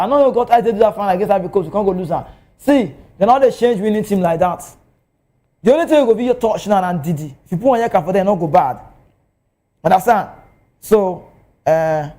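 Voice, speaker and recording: A man with a Nigerian accent talking football as a TV pundit, animated and excitable. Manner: animated, excitable, swings pitch. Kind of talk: TV football commentary in Pidgin. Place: TV studio.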